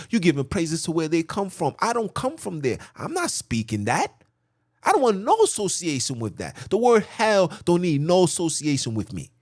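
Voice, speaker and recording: Guy preaching hard, high voice, aave, repeats himself in rhythm, ooh-ing out loud. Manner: rhythmic, repetitive preaching with vernacular speech and sudden drawn-out exclamations. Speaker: podcast preacher. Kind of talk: impassioned sermon.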